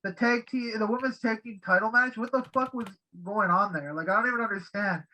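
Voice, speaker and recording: A man's voice: high-pitched, brisk, bright, forceful tone, low-quality recording. A young man co-hosting a casual wrestling podcast, rambling and unsure, with heavy swearing. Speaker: podcast co-host.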